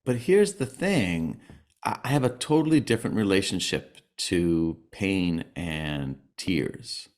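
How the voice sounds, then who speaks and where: A middle-aged man talking as a podcast guest, in a halting way with many restarts and small laughs between words. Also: low-pitched, animated, darkish tone. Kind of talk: conversational interview.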